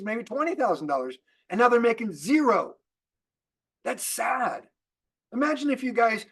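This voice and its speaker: A man with a high-pitched voice delivers an upbeat business training. He fires off rhetorical questions and often stumbles and restarts, repeating key words for emphasis. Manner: energetic, repetitive, with rhetorical questions and frequent restarts. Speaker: network marketing trainer. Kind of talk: motivational business training talk.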